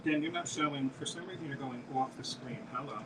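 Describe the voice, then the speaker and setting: A man's voice: medium pitch, fairly quick, fairly bright tone, recorded from a distance, slight background noise, low-quality recording. A man hosting a live-stream jewelry auction, chatting as he describes pieces and calls out bids. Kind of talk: live auction selling chat.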